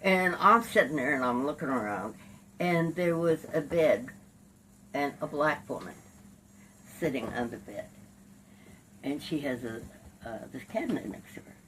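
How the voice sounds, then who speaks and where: An older woman, a lawyer and activist, recounting her life in an oral history interview, lively and salty, acting out the people in her stories. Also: sits low, unhurried, long pauses, distant mic, a little hiss or hum, low-quality recording. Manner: lively raconteur, laughs and curses while acting out scenes.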